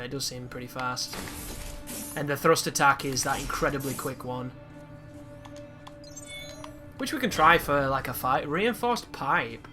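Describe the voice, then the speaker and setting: A man chatting through a game, reacting live and swearing at times. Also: mid-range voice. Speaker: gaming commentator. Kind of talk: casual gameplay commentary. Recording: loud game music behind.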